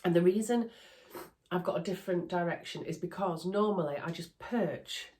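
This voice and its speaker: A woman's voice: on the low side, moderate pace, darkish tone. Woman, Yorkshire accent, nasal from a cold, chatty, rambling, phone-recorded vlog. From Yorkshire, England. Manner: chatty, self-deprecating, rambling. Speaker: sewing vlogger. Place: bedroom at night under a ring light. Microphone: phone camera.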